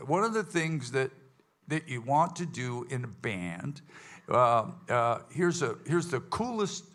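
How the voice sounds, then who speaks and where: A man's voice: medium pitch, big pitch swings, a little slow, fairly bright tone. A man leading his band's casual question session with a live audience, rambling and folksy, full of fillers and restarts. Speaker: bandleader hosting a audience Q&A. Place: event hall with live audience.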